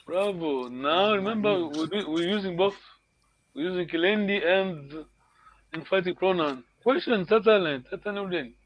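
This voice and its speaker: A man's voice: high-pitched, moderate pace, a little hiss or hum. A man teaching a language class online, correcting students patiently and encouraging them.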